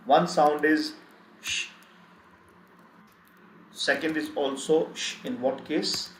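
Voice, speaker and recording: Slow, repetitive man teaching in a roomy echo. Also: fairly high pitch, steady tone, a little hiss or hum. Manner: slow, repetitive, drills word lists. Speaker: German language teacher. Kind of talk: live online language lesson.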